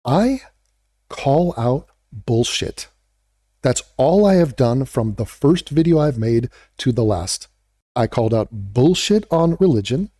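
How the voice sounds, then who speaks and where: A man's voice: mid-range voice, expressive, slow pace, warm tone, no room sound, studio quality. A man with a blunt, profane, sarcastic manner, ranting as a video creator in a commentary vlog.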